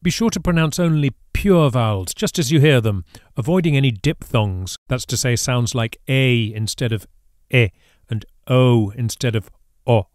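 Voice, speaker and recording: A man's voice: medium pitch, normal speed, a little mellow, dry recording, clean studio sound. A man teaching Spanish in a scripted lesson, explaining patiently and saying each example word carefully. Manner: careful, patient explanation with clear model pronunciations. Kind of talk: scripted language lesson narration.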